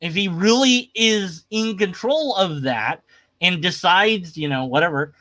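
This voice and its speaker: A livestream host talks over a video he's reacting to, skeptical, casual, rambling and prone to argument. His voice sits high and comes a little slow, bright and forceful, with no room sound.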